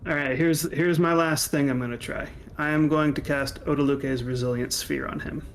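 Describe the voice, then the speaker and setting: A man playing a tabletop game, chatting in a thoughtful, deliberate way. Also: a little high, fairly even intonation, slight background noise. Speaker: player.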